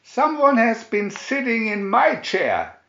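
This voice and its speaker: A man voicing a big gruff papa bear in a storybook reading, raised and loud. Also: on the high side, big pitch swings, slow pace, roomy sound, highs cut off, heavily acted. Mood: roaring.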